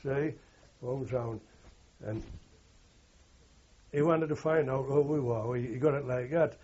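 A man's voice: mid-range voice, unhurried, mellow, breathy edge, lo-fi sound. An older man, a war veteran, telling rambling anecdotal recollections in an interview. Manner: rambling anecdotal, frequent "you know" and "like". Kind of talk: oral history recollection.

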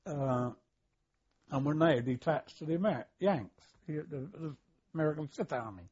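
An older man with a husky, slightly high voice tells his war memories in an oral history interview. He hesitates often, clears his throat and chuckles as he goes. The tape sounds dull and lo-fi. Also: normal speed, darkish tone.

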